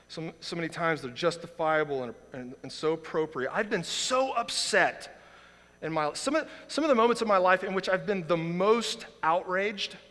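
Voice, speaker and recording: Male pastor, 30s, high bright voice, fiery sermon delivery, big church hall echo. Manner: impassioned, swings from quiet to loud outrage. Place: church sanctuary. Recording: long reverb of a large hall.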